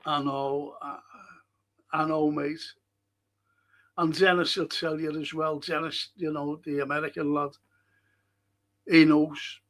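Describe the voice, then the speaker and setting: An older man with a Liverpool accent, hosting a casual livestream and chatting through viewer comments in a rambling way with excitable bursts. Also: fairly high pitch, slow, long pauses. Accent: Liverpool (Scouse). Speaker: livestream host reading chat.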